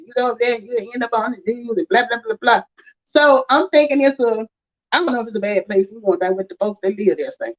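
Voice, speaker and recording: A woman hosting a live stream, rambling through a story and laughing often. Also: a little high. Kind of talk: casual storytelling chat. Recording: slightly dull lo-fi audio.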